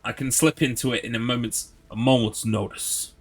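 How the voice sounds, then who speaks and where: A man's voice: medium pitch, steady tone, moderate pace, few pauses, husky. A man streaming a game, giving casual, sweary, sarcastic commentary.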